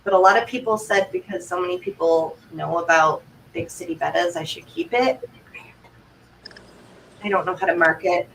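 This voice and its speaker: A woman from Vermont, a livestream guest, telling rambling stories in a chatty, animated way. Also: fairly low pitch, normal speed, gravelly. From Vermont, United States. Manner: chatty, rambling, breathless anecdotes with quoted asides. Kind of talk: casual chat, animated storytelling. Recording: distant mic, faint background noise.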